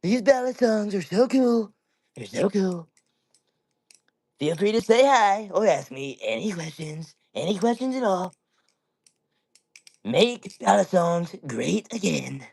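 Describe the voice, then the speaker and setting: A man's voice: high-pitched, lively intonation, vocal fry, darkish tone, voice pushed up, exaggerated voice. Man doing a boastful older politician impression. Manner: drawn-out, emphatic repetition.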